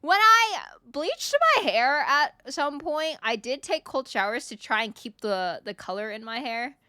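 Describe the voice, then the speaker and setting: A woman's voice: high-pitched, lively intonation, measured pace, pushed and bright, no room sound, studio quality. A young woman VTuber streamer chatting casually with her viewers, playful and giggly. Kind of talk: casual stream chat reading viewer messages.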